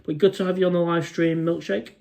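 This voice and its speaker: A man's voice: a little high, steady tone, quick pace, vocal fry, a little mellow. An English man hosting a casual live stream, chatting informally and reading out viewer comments. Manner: chatty, informal, says "mate" often.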